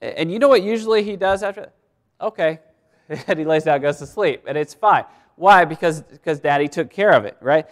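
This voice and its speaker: A man's voice: fairly high pitch, fairly quick. A male pastor preaching a sermon in a conversational way, repeating words and laughing as he goes.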